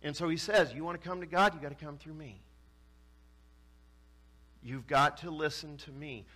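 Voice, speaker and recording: A man's voice: on the high side, normal speed. A man preaching a sermon, retelling scripture stories and acting out the voices of the people in them. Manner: animated, acts out quoted voices with rising intensity. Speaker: pastor.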